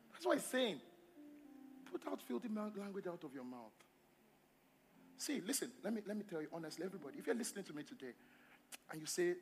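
A male pastor preaching a sermon at a church service, emphatic and repetitive, swinging between loud calls to the congregation and quiet asides. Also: high-pitched, sing-song, quick pace, long pauses, faint music behind. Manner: repeats phrases and asks the congregation questions.

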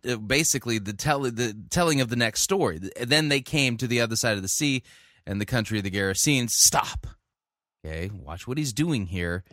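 A man giving critical commentary on a sermon, reading scripture passages and explaining them in a measured way. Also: on the low side, fairly bright tone, no room sound, studio quality.

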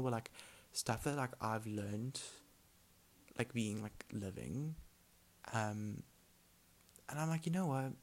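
Chatty young man who mumbles. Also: medium pitch. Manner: rambling, chatty, lots of filler words; mumbles words together. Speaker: podcast host. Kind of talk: casual solo podcast chat.

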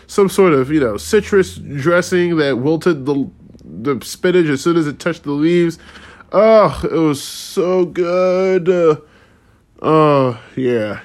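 A man in his thirties ranting in a casual, profane, rambling way, sarcastic and quick to laugh. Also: fairly high pitch, a little mellow. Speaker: podcast host. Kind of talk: casual rant.

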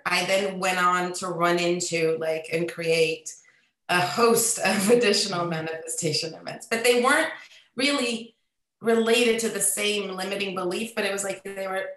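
Slow, halting woman in a roomy space. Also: mid-range voice, fairly even intonation, fairly bright tone. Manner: halting, searching for words. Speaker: podcast co-host asking questions. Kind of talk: casual chat.

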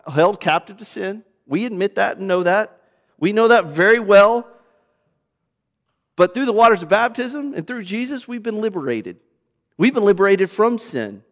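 A man preaching a sermon as pastor, swinging from loud emphasis to hushed, low passages. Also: in a large hall.

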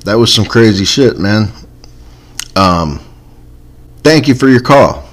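A man's voice: lowish voice, animated, takes it slowly. A man hosting a comedy podcast, talking in a laid-back, dry way that often trails off. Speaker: podcast host. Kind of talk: casual comedy podcast chat.

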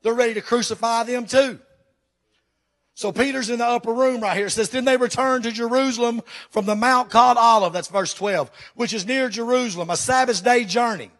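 This pastor's sermon comes in a fairly quick, fairly bright voice pitched high for a man. Fervent and emphatic, he keeps addressing questions straight to his congregation.

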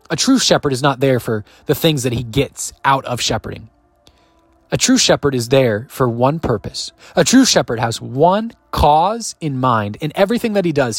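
A man preaching a sermon, emphatic and repeating his key lines, with sudden swings in loudness. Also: mid-range voice, breathy edge, dry recording.

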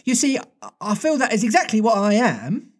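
A man's voice: high voice, wildly swooping pitch, normal speed, voice pushed up, full character voice. A man voicing a polite, earnest young girl in a storybook reading, with a raised, fluting voice and a little stammer.

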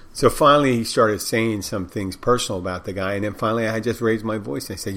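A man's voice: lowish voice, fast, hardly any pauses, a bit bright. An older man, a bartender, telling a story in a rambling, frank way, full of restarts and blunt words. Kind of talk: casual storytelling monologue.

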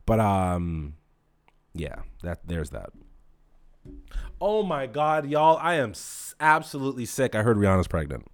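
A young man hosting a casual podcast, ranting comedically with profanity, swinging from loud exclamations to low mutters. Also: big pitch swings, measured pace, long pauses, soft background music. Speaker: podcast host.

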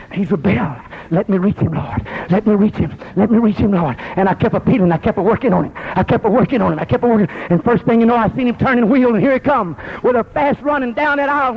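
A preacher man with a strikingly high voice delivers an impassioned sermon. He moves between hushed storytelling and ringing, tearful shouts. The recording sounds dull and muffled. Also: breathy edge.

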